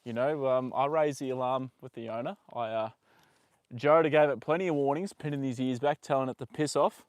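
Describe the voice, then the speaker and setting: A man's voice: medium pitch, a little fast, clean tone, no echo. Give me a young man chatting casually on a livestream from a horse paddock, rambling, swearing lightly and talking to his horse between stories. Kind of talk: casual live chat.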